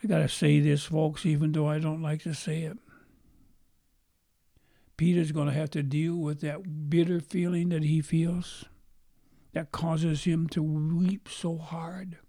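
A man's voice: a little high, level tone, a little slow, vocal fry, mellow, dry recording, clean studio sound. A man preaching a sermon, telling a story with dramatic turns and falling into whispers. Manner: dramatic, acts out quotes, drops to whispers.

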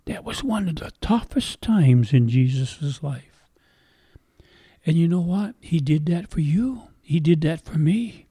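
A man's voice: fairly high pitch, animated, a little slow, warm tone, husky, dry recording. An older man preaching a sermon in an earnest, emotional way, retelling a story dramatically.

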